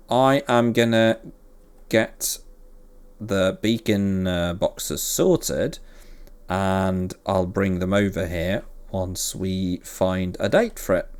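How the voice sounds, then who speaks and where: A man hosting a game series, chatting casually and rambling with self-deprecating jokes as he plays. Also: on the low side. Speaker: let's play host. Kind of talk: casual gameplay commentary.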